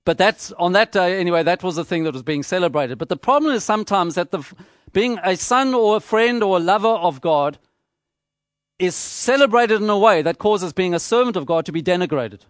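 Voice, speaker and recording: Man, high voice, preaching a sermon, emphatic, repetitive phrasing, dry sound. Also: lively intonation, no room sound. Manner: measured, emphatic, repeats phrases for rhetorical effect.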